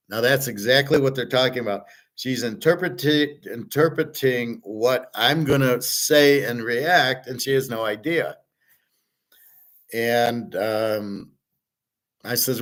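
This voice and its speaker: A man's voice: medium pitch, a little slow, fairly bright tone, rough recording. A middle-aged man hosting a rambling casual monologue, telling stories with quoted back-and-forth dialogue. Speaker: host.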